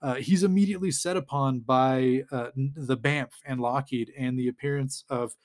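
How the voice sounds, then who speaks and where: A man's voice: medium pitch, steady tone, moderate pace. A man who hosts a podcast, casually recapping a comic book in a rambling way, chuckling and acting out the dialogue.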